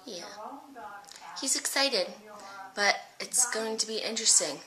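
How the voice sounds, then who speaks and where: A young woman vlogging casually on a handheld camera, cooing to her dog in high baby talk. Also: expressive, moderate pace, pushed and bright. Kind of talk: casual vlog narration.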